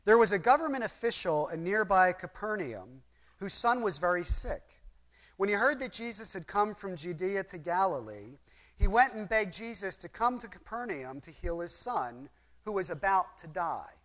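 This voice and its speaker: Man, high voice, earnest Bible teacher, rhetorical questions, lesson style. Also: very animated, moderate pace, a bit bright. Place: room with a map display.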